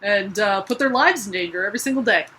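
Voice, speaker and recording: A woman co-hosting a podcast in casual comedic chat, sarcastic and quick with jokes, laughing often. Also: medium pitch, pushed and bright, slight background noise, rough recording. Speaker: podcast co-host.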